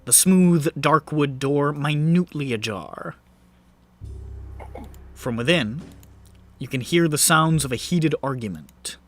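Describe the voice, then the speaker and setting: A man's voice: a little high, lively intonation, takes it slowly, pauses often. A man narrating a tabletop game as game master, vivid and descriptive with laughing asides.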